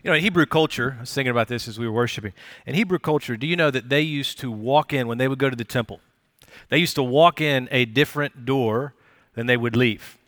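A man's voice: medium pitch, fast talker, a bit bright, no echo, studio quality. A man pastor giving a live sermon at a church service, talking in a conversational, encouraging way with many fillers and restarts.

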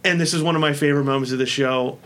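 A man co-hosting a casual talk podcast, chatty and quick to laugh. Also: on the high side, steady tone, fairly bright tone. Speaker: podcast co-host. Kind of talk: casual chat.

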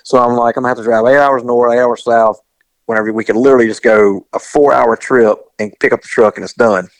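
A middle-aged man, casually telling a long, animated story and acting out the voices of the people in it. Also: mid-range voice, fast, no echo, rough recording. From US South. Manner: rambling, animated, acts out quoted voices.

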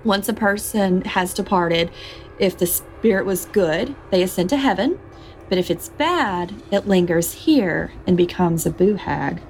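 A woman's voice: fairly low pitch, measured pace, slight background noise. A woman hosting a podcast, telling a folktale and chatting, laughing often. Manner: laughs often, animated storytelling. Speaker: podcast host. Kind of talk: storytelling a folktale and casual chat.

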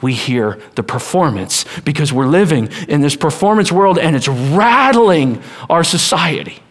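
A man preaching a sermon as pastor, animated, acting out voices and dropping to a hush at times. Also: on the high side, a little slow.

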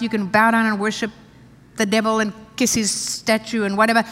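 A woman preaching a sermon in a large church hall, her voice trailing off into a long reverb. She reads scripture aloud and drives points home by repeating them. Her pitch sits in a middle range for a woman. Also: level tone, brisk, fairly bright tone. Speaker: pastor.

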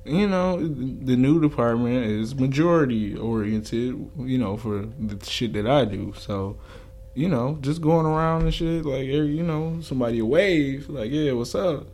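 A man's voice: medium pitch, moderate pace, darkish tone. A man co-hosting a casual chat podcast, telling stories in a loose, profane, laid-back way. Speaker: podcast co-host.

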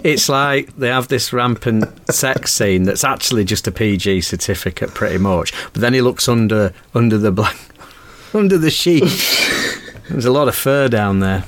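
A man co-hosting a podcast in casual chat, apologetic and often laughing, with halting restarts. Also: on the low side, no echo. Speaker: podcast co-host.

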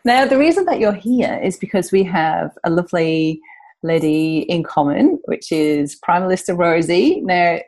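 A chatty woman with a northern English accent, hosting a casual podcast. Her voice sits fairly low and the recording is dry and close, with no room sound. She talks in an animated way and catches and corrects herself mid-sentence. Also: normal speed, dry recording. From north of England. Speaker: podcast host.

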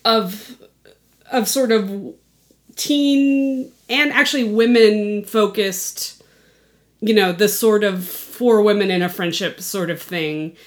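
A woman's voice: mid-range voice, slow. A woman in her forties co-hosting a podcast in casual chat, meandering and hesitant with many fillers. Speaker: podcast co-host.

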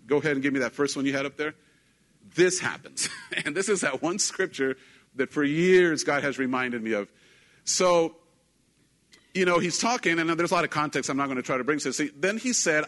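A man preaching a conversational sermon. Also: a little high. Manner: conversational preaching, animated when quoting; self-deprecating humor with laughs. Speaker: pastor.

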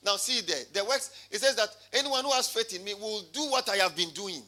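A man's voice: high-pitched, animated, brisk, bright, forceful tone. A male pastor preaching a sermon, calling out to his congregation and reading scripture aloud. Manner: preaching with call-and-response.

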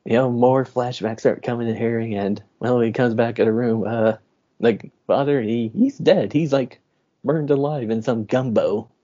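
A man's voice: medium pitch, normal speed, warm tone, muffled recording. A man co-hosting a film podcast, casually recapping a plot with easy laughs. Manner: laid-back, laughing storyteller.

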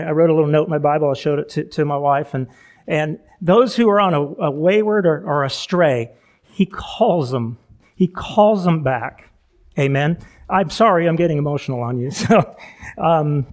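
A man's voice: fairly high pitch, darkish tone. A middle-aged male pastor giving a chatty sermon, full of asides, laughing at himself and restarting sentences.

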